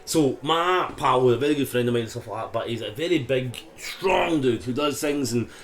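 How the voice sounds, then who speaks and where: A Scottish man co-hosting a podcast, casually telling animated stories in a busy pub, swearing and acting out what people said. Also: mid-range voice, a little fast. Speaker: podcast co-host. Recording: roomy pub with chatter behind.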